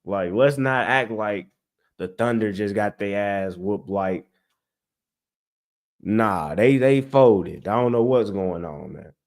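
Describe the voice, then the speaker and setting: A young man hosting a casual sports livestream, talking straight to his chat in an animated, exasperated way. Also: lowish voice, slow. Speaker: sports podcast host.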